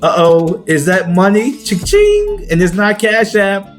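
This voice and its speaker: A man's voice: high voice, normal speed, soft background music. A man talking as a guest on a sports podcast, in playful, exclamatory banter. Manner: animated and exclamatory, playful swoops.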